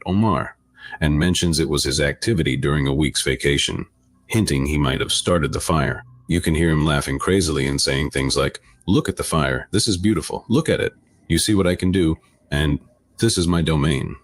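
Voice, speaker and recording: A man reading a scripted true-crime narration in a flat, even retelling. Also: very deep voice, moderate pace, no room sound. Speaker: video narrator.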